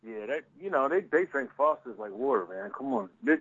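A man's voice: fairly high pitch, very animated, brisk, creaky, fairly bright tone, dry recording, highs cut off. A man with a Philadelphia accent, co-hosting a casual chat, profane and rambling. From US Northeast. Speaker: podcast co-host.

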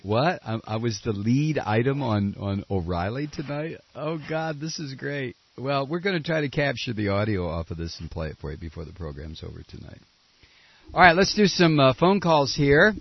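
A man hosting a talk radio show, reading listener mail and taking calls in a blunt, animated way. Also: medium pitch, normal speed, breathy edge, dry recording, muffled recording.

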